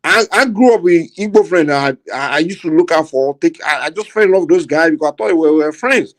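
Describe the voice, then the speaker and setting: A man's voice: on the high side, lively intonation, fast. A man with a Nigerian Yoruba accent hosting a heated political talk, blunt and indignant, switching between Yoruba and English. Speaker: host.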